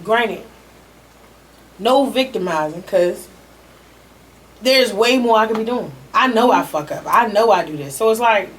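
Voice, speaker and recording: A woman's voice: medium pitch, lively intonation, a little slow, pauses often. A woman rapper speaking as a podcast guest, talking candidly and emotionally in a slangy, casual way and swearing freely.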